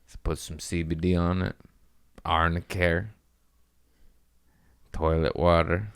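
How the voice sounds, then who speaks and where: A man hosting a podcast, telling crude, rambling comic stories, laughing at his own jokes and jumping into high mocking voices when he quotes people. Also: flat delivery, slow pace, vocal fry, clear, resonant tone, no echo, clean studio sound. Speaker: podcast host. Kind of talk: casual comedic storytelling.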